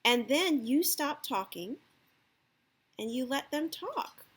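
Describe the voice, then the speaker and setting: Woman chatting parenting tips, kinda high voice, lots of "okay?" and "right?", casual and friendly. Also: animated, slow. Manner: acts out the parent's lines in a lifted voice. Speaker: parenting advice speaker. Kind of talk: casual advice talk to camera.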